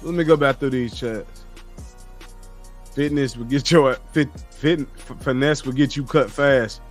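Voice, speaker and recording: A man's voice: medium pitch, unhurried, soft background music. A man on a casual livestream, reading his chat and lecturing his viewers in a blunt, profane way. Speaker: streamer reading live chat.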